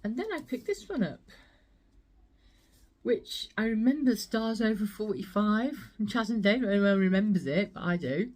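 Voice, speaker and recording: A woman's voice: mid-range voice, animated, normal speed, darkish tone. A woman vlogging her thrift finds in a chatty, rambling way, laughing often. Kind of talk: casual chat.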